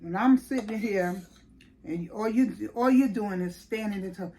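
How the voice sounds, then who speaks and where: A woman's voice: mid-range voice, moderate pace. A middle-aged woman, casually telling a story in a vlog and acting out the voices of people she quotes. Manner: animated, lively retelling with quoted voices and laughs. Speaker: vlogger.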